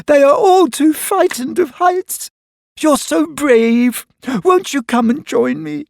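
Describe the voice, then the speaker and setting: A man voicing a lonely, tearful little girl tightrope walker in a storybook, pleading in a high voice. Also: slow, gravelly, no echo, studio quality, exaggerated voice.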